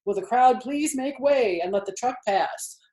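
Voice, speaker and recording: A woman reading a story aloud and voicing a pompous fair loudspeaker announcer, slow and formal. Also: fairly high pitch, lively intonation, voice pushed up, lightly acted. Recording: roomy echo.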